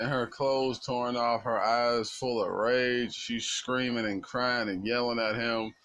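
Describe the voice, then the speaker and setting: A man's voice: mid-range voice, fairly even intonation, a little slow, hardly any pauses, a bit bright, poor audio. Blunt, earnest man speaking passionately. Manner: earnest, blunt, casual slang. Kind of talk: impassioned monologue.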